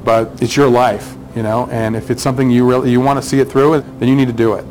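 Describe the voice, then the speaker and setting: A man's voice: medium pitch, little pitch movement, fast, a little mellow, rough recording. A man in a documentary interview giving blunt, direct advice. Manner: blunt, advising.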